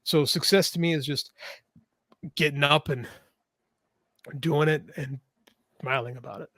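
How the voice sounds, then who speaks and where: A man's voice: on the high side, unhurried, a bit bright, no echo. Frank, rambling middle-aged man. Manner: rambling, frank, swears freely, many restarts. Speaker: author and podcast co-host. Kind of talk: casual podcast interview.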